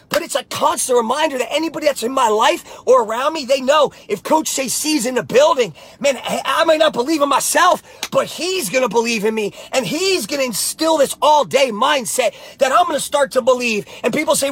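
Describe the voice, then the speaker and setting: A man, a life coach, giving a fervent motivational pep talk to camera, often shouting, repeating slogans and calling the listener baby. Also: extremely high pitch, moderate pace.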